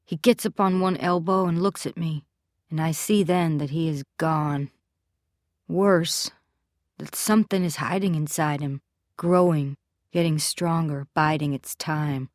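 Reading a first-person story, a female audiobook narrator speaks in a fairly low, steady, measured voice. The sound is close and dry like a studio booth, with nothing around it and no echo.

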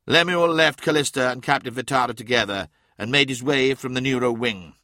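Male narrator, measured audiobook reading, bright forceful tone, dry close sound. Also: mid-range voice, dry recording. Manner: measured, varies voices for characters. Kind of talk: scripted narration.

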